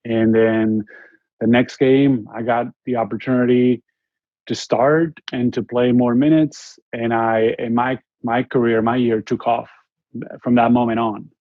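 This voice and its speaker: A man in his forties with a Spanish accent tells a story as an interview guest, earnest and halting, often restarting his sentences. His voice sits at an ordinary middle pitch. The recording is dull and lo-fi, with a dry, close sound. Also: little pitch movement, no room sound. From Spain. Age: 40s. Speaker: interview guest, former basketball player.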